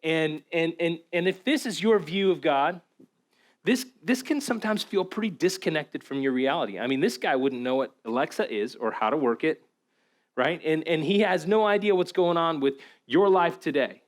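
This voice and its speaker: A pastor giving a relaxed, conversational sermon, talking casually with lots of fillers and repeated words. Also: male voice, on the high side, normal speed. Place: church.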